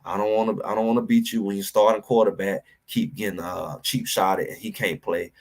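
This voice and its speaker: A man hosting a livestream and ranting about college football, addressing his chat directly in an animated, preachy way. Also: on the low side, a little fast. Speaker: sports talk host. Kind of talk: livestream sports commentary.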